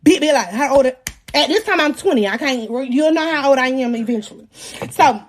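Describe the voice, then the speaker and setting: A young woman in her twenties tells her viewers a story in a casual, profane and self-mocking way. Her voice sits high and leaps all over the place as she acts out the people in the story. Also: animated, moderate pace, slight background noise. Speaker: vlogger.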